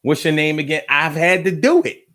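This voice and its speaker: A man chatting casually on a live stream, telling stories in an animated, slangy way, repeating his phrases and reading out viewer comments. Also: fairly high pitch, fairly quick.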